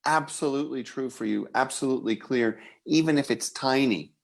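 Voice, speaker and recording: A man hosts a spiritual talk in a reflective, conversational way. His voice has a gravelly texture at a mid pitch. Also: a little fast. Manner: reflective, thanks and announces. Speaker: host. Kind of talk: conversational talk show hosting.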